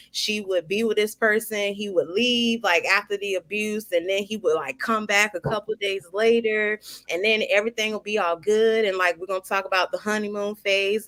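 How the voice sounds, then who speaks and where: A woman, sharing her own experience in an animated, casual conversation, often laughing and using "like" a lot. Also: mid-range voice. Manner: animated, laughing, heavy "like" filler. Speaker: guest sharing her story.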